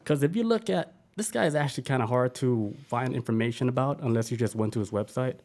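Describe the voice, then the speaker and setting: A man's voice: medium pitch, fast, a little mellow. A man hosting a podcast in loose, profane, enthusiastic casual chat. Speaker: podcast host.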